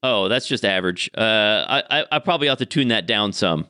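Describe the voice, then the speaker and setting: A man acting as game master, winding down a tabletop session with the players. His pitch rises and falls a lot as he talks, relaxed and chuckling with quick asides. The sound is dry and close, with no room echo. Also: clear, resonant tone. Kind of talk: casual chat wrapping up a tabletop game.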